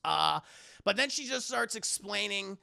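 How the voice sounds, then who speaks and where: Streamer, male, high-pitched and very gravelly, a profane and chatty film reviewer. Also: animated, a little slow, bright, forceful tone. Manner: profane, chatty, talks to chat. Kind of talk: casual live-stream commentary.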